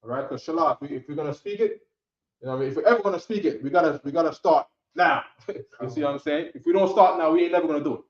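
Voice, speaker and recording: In an echoey classroom captured on dull, lo-fi audio, a male Hebrew teacher casually coaxes his students along. He rattles off short words for them to repeat and keeps making sure they follow, his high-ish voice swinging widely in pitch at a rapid-fire pace.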